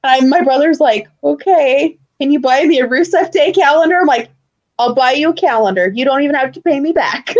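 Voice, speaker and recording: A young woman co-hosting a podcast, telling stories in an animated way with loud outbursts and lots of swearing. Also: high-pitched, brisk, lo-fi sound. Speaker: podcast co-host. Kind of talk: casual chat.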